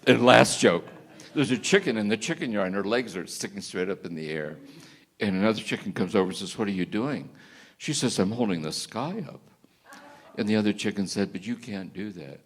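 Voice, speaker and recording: An older man telling gentle jokes to a live audience in a chapel, halting and restarting as he goes. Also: fairly low pitch, animated. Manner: gentle, halting storytelling with restarts and soft laughs. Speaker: retreat speaker.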